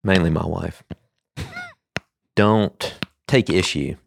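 A man, co-hosting a podcast in casual chat, telling animated stories and laughing often. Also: sits low, slow, vocal fry. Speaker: podcast co-host.

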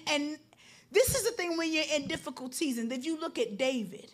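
A middle-aged woman pastor preaching a sermon with an impassioned, repetitive building cadence that rises to shouts. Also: high voice.

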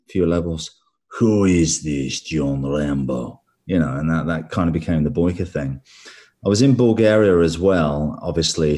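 A man with a Birmingham accent speaks low and mellow. He talks easygoing and self-deprecating, chuckling between thoughts as he answers an interviewer. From England. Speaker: actor, guest.

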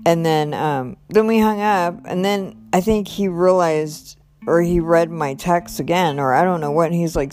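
Slow-talking woman telling a personal story. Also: soft background music. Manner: animated retelling, quoting others with rising pitch, fillers like "like" and "you know".

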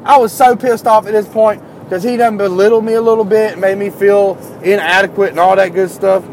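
Male storyteller, high-pitched and lively, faint traffic noise outdoors. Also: brisk. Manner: animated, climbs higher and louder when worked up. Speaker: tradesman telling work stories. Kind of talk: casual storytelling.

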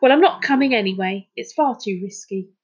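A woman's voice: fairly high pitch, expressive, brisk, darkish tone, husky, highs cut off. A woman reading a storybook, voicing a cautious young girl who frets and scolds. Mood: worried. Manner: fretful, scolding.

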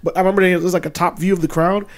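A man co-hosting a podcast, chatting casually with loose, profane, animated storytelling. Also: high voice, rapid-fire. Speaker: podcast co-host.

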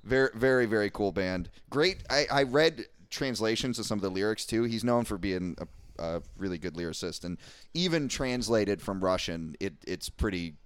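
A deep-voiced man rambling through casual podcast chat, swearing freely and gushing about bands he loves. His voice is smooth and clear. The sound is dry and close to the mic. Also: expressive, moderate pace, hardly any pauses, dry recording. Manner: rambling, profane, enthusiastic about music. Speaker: podcast co-host.

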